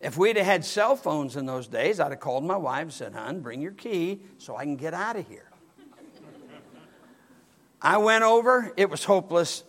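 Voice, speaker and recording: Animated folksy preacher man, lively pitch. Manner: folksy, animated storytelling with acted quotes. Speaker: pastor. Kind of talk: storytelling sermon.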